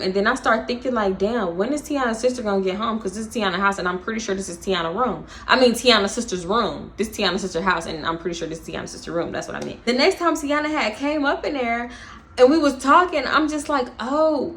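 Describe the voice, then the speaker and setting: A young woman vlogger tells a storytime casually in a medium-pitched voice. She's animated and slangy, swearing and laughing along the way.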